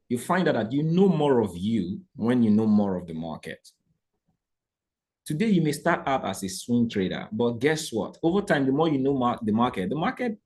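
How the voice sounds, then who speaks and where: A mid-range male voice leads a live trading lesson. The man is animated and preacher-like, leaning on rhetorical questions and constantly checking in with the viewers following along.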